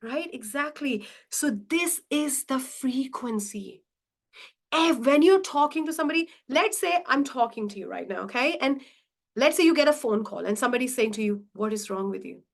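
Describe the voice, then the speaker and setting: A woman's voice: high-pitched, expressive, moderate pace. A woman leading a live online money mindset coaching session, teaching earnestly, repeating her key points and acting out everyday examples.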